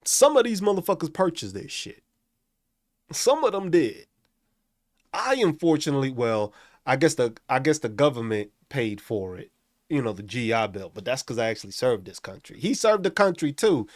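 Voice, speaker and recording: Profane, animated male live stream host. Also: mid-range voice, no room sound, clean studio sound. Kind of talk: casual live stream rant.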